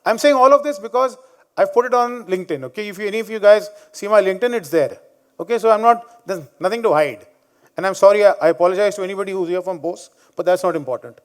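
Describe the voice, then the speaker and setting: A man's voice: high voice, quick pace. A man in his fifties with an Indian English accent, telling blunt, combative stories in a conference talk. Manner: blunt, combative, joking storyteller. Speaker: conference speaker. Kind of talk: conference talk with personal anecdotes. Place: conference venue before a live audience.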